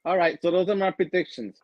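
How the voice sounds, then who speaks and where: A man's voice: high-pitched, a little mellow, dry recording, lo-fi sound. A man co-hosting a casual sports podcast, teasing the others and laughing often. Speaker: podcast co-host.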